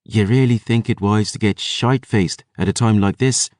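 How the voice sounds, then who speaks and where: A man's voice: fairly low pitch, fairly even intonation, moderate pace, darkish tone, no room sound, studio quality, pitched above the performer's own voice, natural voice. A man reading an audiobook voices a fierce, blunt young woman fighter with a coarse, brash way of talking. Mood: defiant.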